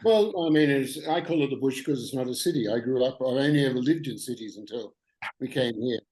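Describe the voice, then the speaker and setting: An Australian man talks about his life in a relaxed, anecdotal way. His voice is mellow and unforced. He sounds like a guest calling in to a podcast. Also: mid-range voice, brisk, low-quality recording. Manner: easygoing anecdotal storyteller. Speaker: guest author. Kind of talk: casual interview chat over the line. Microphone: remote call line.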